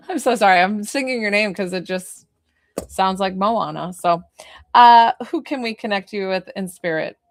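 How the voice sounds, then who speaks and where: A woman's voice: medium pitch, lively intonation, normal speed. A woman spiritual medium giving a live-streamed reading, talking in a chatty, informal way that wanders off to side matters. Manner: chatty, informal, easily sidetracked.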